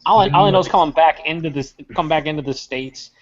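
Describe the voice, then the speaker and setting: A man's voice: on the high side, quick pace. A man hosting a casual chat, telling stories in an exasperated tone and swearing often. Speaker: podcast host. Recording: slightly muffled recording.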